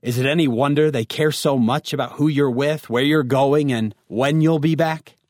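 A man's voice: medium pitch, steady tone, normal speed, a little mellow, no room sound, studio quality. A man giving a devotional talk to teens, telling a story and speaking straight to his listeners. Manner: storytelling, addresses listeners directly. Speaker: youth speaker.

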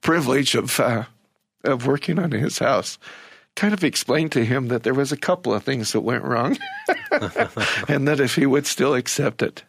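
An older man, an interview guest, telling a personal story in a halting, emotional way with many restarts. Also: medium pitch, vocal fry, slightly rough, no echo, clean studio sound.

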